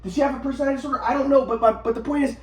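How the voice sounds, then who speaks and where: Rapid-fire and extremely high-pitched, with fairly even intonation, a vlogger agitatedly rambles through his own story in an echoey room. He swears a lot and keeps restarting and repeating his sentences.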